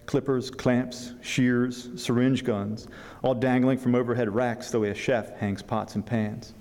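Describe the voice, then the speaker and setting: A man reads a passage from his own novel to an audience. His voice is mellow and relaxed, with fillers and restarts when he talks freely. Long reverb from a large hall trails every phrase. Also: mid-range voice. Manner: halting with fillers when speaking freely, steady when reading. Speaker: author at a book fair reading. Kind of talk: public reading from his novel. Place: event hall.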